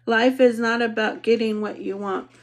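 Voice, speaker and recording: A woman's voice: fairly high pitch, fairly even intonation, moderate pace, lightly acted. A woman voicing a harsh, angry father who speaks curtly and with hostility, read in an audiobook. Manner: curt, hostile.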